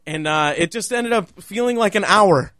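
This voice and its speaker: A man's voice: high voice, lively intonation, normal speed, sharp tone, no room sound, studio quality. A man co-hosting a casual podcast chat, rambling and correcting himself as he tells a story. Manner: rambling, restarts, self-correcting. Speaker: podcast co-host.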